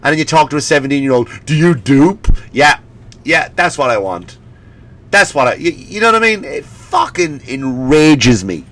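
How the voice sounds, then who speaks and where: Animated, swearing man ranting on a comedy podcast. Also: fairly high pitch, normal speed. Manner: animated, profane, mocking impressions. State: sniffly. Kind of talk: comedic rant.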